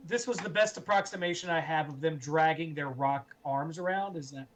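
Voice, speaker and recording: A player in a casual tabletop game, explaining things in a halting way with restarts. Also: mid-range voice, a little hiss or hum.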